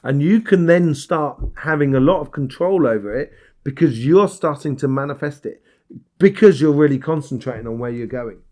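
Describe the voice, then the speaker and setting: A man's voice: fairly high pitch, expressive, moderate pace, warm tone. A man giving a casual weekly tarot reading, talking straight to the listener in a meandering, encouraging way, full of fillers and restarts. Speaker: tarot reader.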